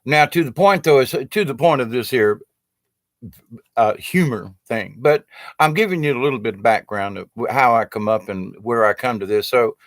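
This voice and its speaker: A man in his sixties with a Southern US accent, a storyteller telling a rambling, humorous monologue in a folksy, drawn-out way full of "you know". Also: mid-range voice, animated, no room sound, studio quality. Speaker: storyteller and puppeteer.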